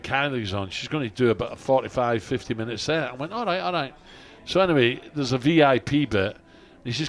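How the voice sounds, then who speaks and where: An older man, a radio co-host, telling animated anecdotes in casual chat. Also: medium pitch, fairly quick. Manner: animated storyteller, puts on voices in quotes.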